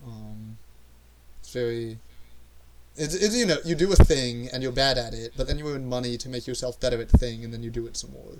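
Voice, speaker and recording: A man's voice: mid-range voice, a little fast, slight background noise, poor audio. A man chatting casually as a podcast co-host, rambling and trailing off with lots of fillers. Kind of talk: casual chat.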